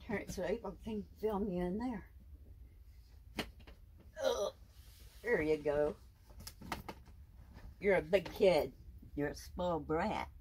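A woman's voice: on the low side, measured pace, pauses often, a little mellow, a little hiss or hum, rough recording. A woman keeping snakes, talking casually and affectionately to her pet snake, cooing and baby-talking to it. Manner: coos and baby-talks to the snake. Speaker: snake keeper.

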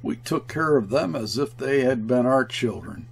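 A man's voice: medium pitch, lively intonation, normal speed, gravelly, slight background noise. A man playing an indignant, stammering trading agent. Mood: dismayed. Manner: stammering when angry.

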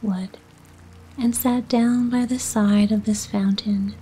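Whispered role-play: a woman bedtime storyteller, breathy hush, very slow, faint music under. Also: medium pitch, fairly even intonation, rough recording. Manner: soft unvoiced whisper. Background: soft music.

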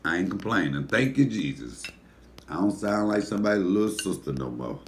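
A man with a deep voice, hosting a casual mukbang and telling animated, profane stories while he eats. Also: brisk, a little hiss or hum. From Detroit, USA. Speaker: comedian and mukbang host. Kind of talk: casual storytelling while eating.

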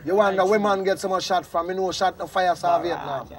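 A Jamaican man talks earnestly in a fairly high voice, circling back to repeat his points in patois. A crowd murmurs loudly around him, caught on an old field tape. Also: a little fast. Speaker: musician in interview. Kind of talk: casual patois chat.

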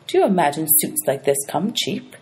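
A woman's voice: deep voice, sing-song, moderate pace, darkish tone, slightly rough, heavily acted. A woman reading aloud, voicing a greedy ancient male ferryman of the dead who grumbles and haggles. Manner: grumbling, sly, money-hungry.

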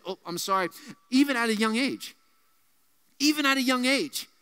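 A man preaching a youth sermon as pastor, emphatic and repetitive, dropping his voice low to land key points. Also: pushed and bright, clean tone, big-room sound. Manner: emphatic, repeats key phrases, drops low on punch lines.

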